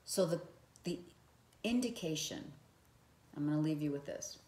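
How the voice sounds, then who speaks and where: A woman's voice: low voice, expressive, unhurried, a little mellow, roomy sound. A woman giving earnest motivational advice to the viewer, often repeating her phrases and speaking to the viewer directly. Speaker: relationship advice vlogger. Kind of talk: motivational talk to camera.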